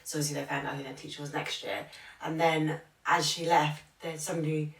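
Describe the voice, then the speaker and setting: A young woman chats on a podcast about her teaching job and slips into the voices of the people in her stories. Her voice is low and gravelly. She sits back from the mic in an echoey room. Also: flat delivery, brisk, far from the mic. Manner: chatty storytelling, acting out what others said. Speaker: podcast co-host and primary school teacher. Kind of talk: casual podcast chat.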